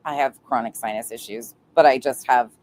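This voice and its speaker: A woman's voice: rumbling low, moderate pace, darkish tone, a little hiss or hum. Woman, nasal voice, sarcastic, profane, reaction commentary host.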